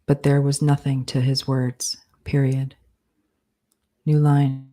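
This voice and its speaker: A woman author dictating her novel live, slowly reading out each comma and period as she composes. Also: very deep voice, level tone, mellow. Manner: slow, measured, speaking punctuation aloud. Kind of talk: live dictation of fiction with spoken punctuation.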